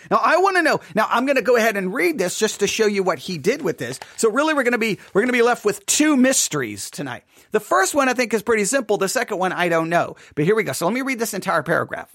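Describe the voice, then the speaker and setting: Male podcast host, high voice, dry close sound, animated and exasperated commentary. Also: brisk, no room sound. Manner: animated and exasperated, with rising questions and asides. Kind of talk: solo podcast commentary on a Bible study text.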